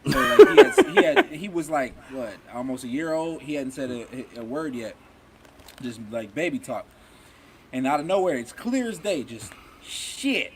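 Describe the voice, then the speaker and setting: Brief: man, very swinging pitch, halting self-mocking storyteller, loud background noise. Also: huge pitch swings. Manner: halting, restarts sentences, laughs at himself. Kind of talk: casual chat.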